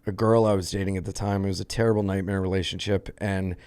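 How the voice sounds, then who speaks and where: A man who is a comedian, guesting on a podcast and telling a rambling anecdote in casual chat, swearing freely and getting animated. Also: sits low, fast, clean tone.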